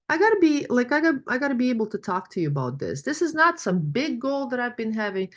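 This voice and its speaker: A fed-up woman pours out her complaints in a raised, pleading voice, as a coach acts her out. She sounds worn down and stuck. The tone stays high and insistent. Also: big pitch swings, fast. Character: frustrated woman workshop participant, pleading.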